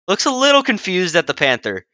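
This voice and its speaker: Playful game master, bright voice. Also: mid-range voice, wildly swooping pitch, fairly quick. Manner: playful, laughs easily. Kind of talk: narrating a tabletop game.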